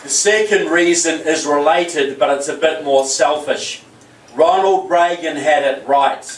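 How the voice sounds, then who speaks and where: A man's voice: on the high side, unhurried, far from the mic, background noise. New Zealand man in an echoey hall. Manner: jokey, storytelling, earnest. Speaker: keynote speaker. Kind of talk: political rally speech.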